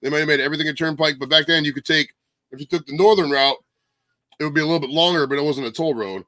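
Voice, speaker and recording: A man's voice: a little high, racing, bright, forceful tone, no room sound. A middle-aged man from Ohio, a military veteran, chatting on a livestream video call in a rambling way, often correcting himself. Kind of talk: casual chat on a livestream.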